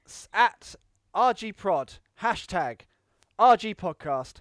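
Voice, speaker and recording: A man hosting a podcast in casual banter, animated and announcer-like, often laughing. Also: sits high, takes it slowly, no room sound, clean studio sound. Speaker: podcast host.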